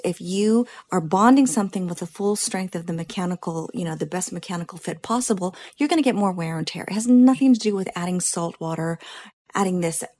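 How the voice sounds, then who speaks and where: A woman in the middle of her range talks lash artists through a technique in an instructional chat. She coaches with confidence and keeps checking in with a quick "right?". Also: mid-range voice, warm tone. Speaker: lash educator, co-host.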